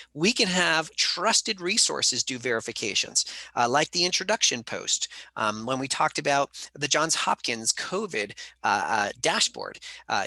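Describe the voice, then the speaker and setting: A man's voice: mid-range voice, gravelly, pushed and bright, no echo. A man teaching a live online college lecture, answering students' chat questions in a conversational way with frequent fillers. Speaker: college instructor.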